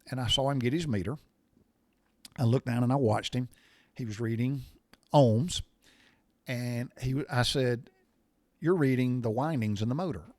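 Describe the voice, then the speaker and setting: A man's voice: on the high side, a little mellow, dry recording. A middle-aged man telling a story in a casual, blunt, folksy way. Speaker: podcast host.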